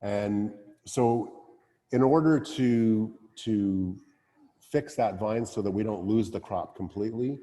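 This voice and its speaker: A man's voice: lowish voice, slow pace, dark tone, big-room sound. A man, a winemaker, speaking casually at a wine tasting, with many fillers and restarts. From Canada.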